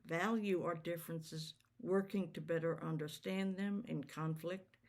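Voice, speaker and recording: A worship service leader reciting a congregational covenant in a measured, formal reading, then introducing the next speaker. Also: mid-range voice, steady tone, a little mellow.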